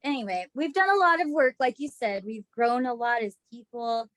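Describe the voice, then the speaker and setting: A woman's voice: a little high, normal speed, a bit bright, no room sound. Chatty woman co-host, laughs a lot. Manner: chatty storyteller, laughs often, acts out her own past lines. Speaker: podcast co-host. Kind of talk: casual chat.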